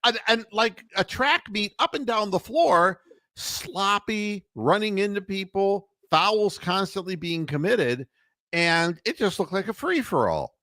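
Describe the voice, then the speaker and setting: A man hosting a casual sports radio chat, talking in an animated, mocking way and laughing as he goes. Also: high voice, unhurried, no echo. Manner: puts on announcer and referee voices. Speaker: sports talk radio host.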